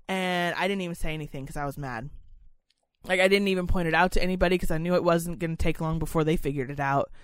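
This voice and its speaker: A woman's voice: lowish voice, no echo. A young adult woman telling a story in a casual, angry rant, swearing freely and dramatizing it. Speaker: podcast co-host telling a story.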